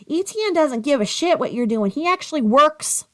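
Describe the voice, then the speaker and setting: A woman's voice: high-pitched, lively intonation, normal speed. Angry, sarcastic woman ranting. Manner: heated, sarcastic, scolding with rhetorical questions. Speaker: commentary YouTuber. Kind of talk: angry drama commentary rant.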